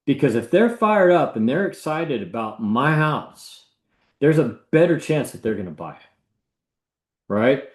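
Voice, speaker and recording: A man who works as a real estate agent, telling a story in a casual, animated way and acting out the people he quotes. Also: medium pitch, a little slow. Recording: echoey room.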